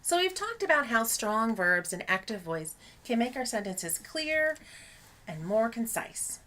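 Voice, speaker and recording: A woman narrating a scripted lesson on academic writing as an instructor, in a clear explanatory teaching tone. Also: on the high side, sing-song, a little slow, bright, forceful tone.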